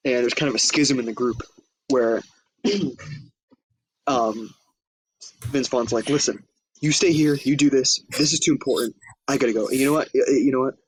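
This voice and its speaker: A man's voice: mid-range voice, steady tone, moderate pace, pauses often, breathy edge, low-quality recording. A man co-hosting a podcast, casually recapping a comedy film in a loose, profane way and acting out quoted lines. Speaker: podcast co-host. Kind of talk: casual movie recap chat.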